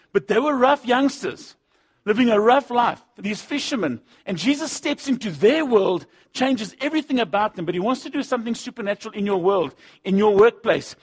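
A man preaching a sermon, swinging between loud punchy lines and low asides, acting out the voices he quotes. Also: husky. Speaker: pastor.

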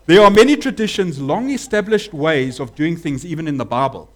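A man preaching a sermon as pastor, animated, acting out voices and dropping to a hush. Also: fairly high pitch, a little fast. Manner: animated preaching, acts out voices, swings from loud to hushed.

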